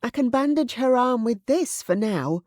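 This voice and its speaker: A woman voicing a frightened but steady young lady's maid in a historical romance audiobook, pleading urgently. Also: a little high, moderate pace, no echo, studio quality, pitched above the performer's own voice, lightly acted.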